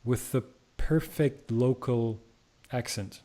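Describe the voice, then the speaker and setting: A man's voice: mid-range voice, slow pace, mellow. A man hosting a casual interview, asking curious follow-up questions. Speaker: interview host.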